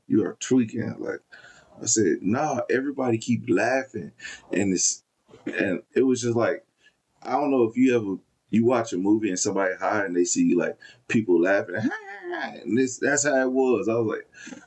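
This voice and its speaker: Deep-voiced man telling loose stories. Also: darkish tone. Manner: loose, rambling, profane storytelling. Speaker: podcast host. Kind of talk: casual storytelling.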